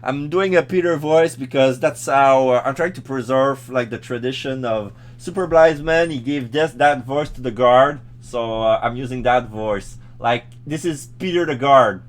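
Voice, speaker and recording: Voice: medium pitch, moderate pace, few pauses. A let's play host chatting casually and reading game dialogue aloud with jokes. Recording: game music playing behind.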